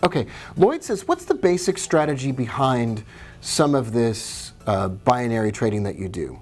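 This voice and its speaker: A man's voice: medium pitch, very animated, normal speed, darkish tone, soft background music. Chatty man hosting a live trading stream. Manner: casual, chatty, greets viewers by name. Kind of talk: live-stream commentary on charts.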